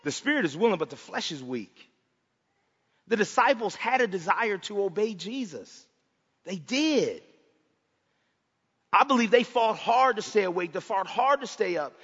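Impassioned high-voiced male preacher. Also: big pitch swings, measured pace, long pauses, breathy edge. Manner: impassioned, swings between loud and hushed. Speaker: pastor. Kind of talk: sermon. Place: church sanctuary. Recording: dull sound with long hall reverb.

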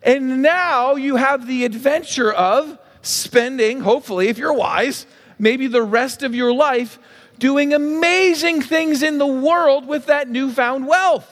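A man with a high, light voice preaches a sermon, spinning an imagined conversation and playing both parts with animated swings. His words ring out with a long reverb through a large church sanctuary. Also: slow. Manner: lively storytelling, acting out both sides of a made-up conversation. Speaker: pastor.

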